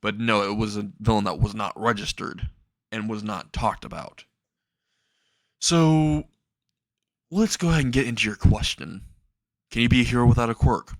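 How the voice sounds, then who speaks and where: A man's voice: lowish voice, no echo. A man casually narrating a made-up fan story, rambling with restarts and small chuckles.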